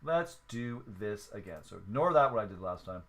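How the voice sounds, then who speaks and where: Hosting a sports card break on a livestream, he sounds animated, with a fairly low pitch, normal speed and a fairly bright tone. His talk is casual and chatty, and he counts each step aloud while apologetically correcting his own mistakes.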